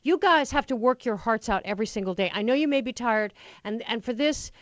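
A woman's voice: on the high side, expressive, a little fast, dry recording, muffled recording. A woman hosting political call-in talk radio from a studio, passionate and rambling, often restarting her sentences. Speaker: fill-in talk radio host. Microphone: studio microphone.

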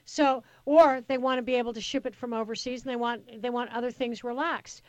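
Chatty high-voiced woman radio host. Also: steady tone, darkish tone, dry recording, poor audio. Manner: chatty and enthusiastic, quick asides. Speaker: radio talk show host. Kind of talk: talk radio chat with callers. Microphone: studio microphone.

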